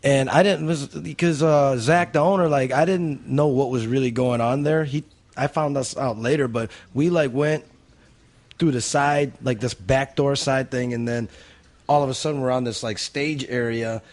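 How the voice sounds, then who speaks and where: A man co-hosting a podcast, telling stories in casual chat in an animated way and swearing freely. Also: mid-range voice, moderate pace. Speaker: podcast co-host.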